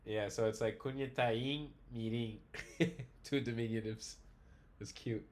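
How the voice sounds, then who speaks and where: Male instructor, measured pace, casual teaching tone with light laughs. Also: mid-range voice, steady tone. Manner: thinking aloud, frequent "right?" checks and soft laughs. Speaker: language teacher. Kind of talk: online language class discussion.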